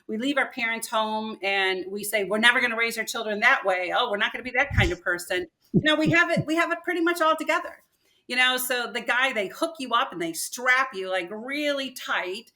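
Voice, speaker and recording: An older woman appears as a podcast guest, animatedly telling a personal story and acting out what people said. Her voice is fairly high and a little fast.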